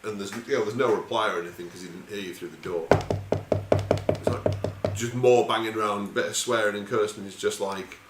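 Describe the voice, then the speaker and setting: A man's voice: lowish voice, fairly even intonation, fairly quick, music in the background. A man running a tabletop game as game master, narrating casually with loose, rambling asides and swearing. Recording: echoey room with faint noise.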